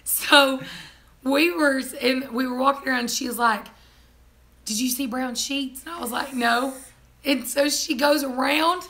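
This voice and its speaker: Young female vlogger, animated storyteller, bright tone. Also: sits high, moderate pace. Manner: animated, laughing, mimics people in quotes. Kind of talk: casual storytelling chat.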